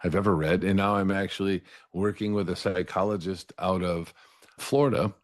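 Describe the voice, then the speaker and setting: A man's voice: sits low, fairly even intonation, normal speed. A middle-aged man telling his life story earnestly as an interview guest, often restarting words and asking "right?" after his points. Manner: earnest, repeats words when starting a thought, asks "right?" after points. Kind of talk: candid personal storytelling.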